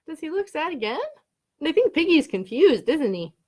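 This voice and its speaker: High-voiced librarian lady doing story time for kids, super animated, lots of ups and downs. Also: moderate pace. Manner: animated, gasping, asks the children questions. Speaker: children's librarian.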